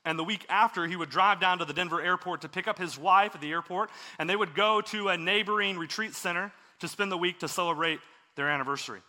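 A man delivers a sermon in a high, bright voice. He tells a story in an earnest, conversational manner, as if talking with his congregation. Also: fast. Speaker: preacher.

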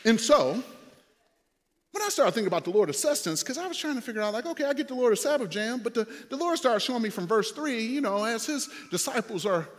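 A man preaching a sermon as pastor, animated, with playful asides and rising to shouts. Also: very high voice, fast, long reverb tail.

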